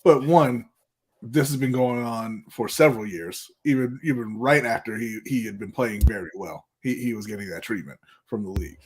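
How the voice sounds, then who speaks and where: A man's voice: mid-range voice, normal speed, darkish tone, husky. A man co-hosting a casual sports podcast, blunt and emphatic as he rants his opinions. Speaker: podcast co-host.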